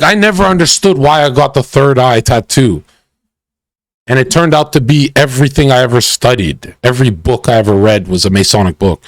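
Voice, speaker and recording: A man's voice: mid-range voice, no room sound. A man ranting and mocking as he reacts to a video on a livestream, crude and profane.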